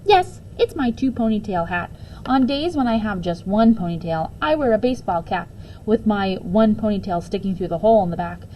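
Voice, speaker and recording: A woman's voice: mid-range voice, animated, moderate pace, dark tone, a little hiss or hum, close to an everyday voice, poor audio. A woman voicing a confident, quirky young schoolgirl in a chirpy, self-assured way. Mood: chatty.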